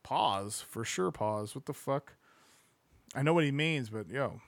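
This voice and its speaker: A man reading a sports book aloud, breaking off into excitable, profane, slangy asides. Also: mid-range voice, a little slow, vocal fry, no room sound.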